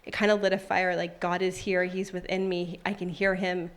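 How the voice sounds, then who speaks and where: A woman in her thirties with a lowish voice speaks at normal speed and with little variation in pitch. At a church service she shares a personal testimony, heartfelt and conversational with plenty of fillers, and then reads scripture aloud.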